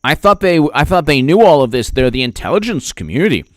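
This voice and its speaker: A man's voice: on the high side, sing-song, fast talker, no room sound, clean studio sound. A man giving political commentary on a vlog in a rambling, sarcastic way, often restarting his sentences.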